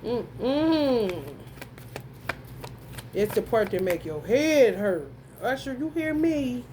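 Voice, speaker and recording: Against a noisy background, a tarot reader with a high, animated voice gives a casual astrology reading, slow and deliberate. Blunt and profane, she calls out to her viewers directly, emphasizing points and bursting into laughter and exclamations.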